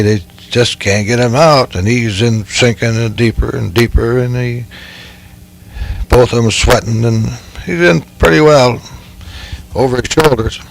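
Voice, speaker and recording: Older guy w/ new dictating old game warden yarns, lowish voice, keeps going "anyway". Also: rough recording. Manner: rambling folksy, keeps saying "anyway". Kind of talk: dictated storytelling.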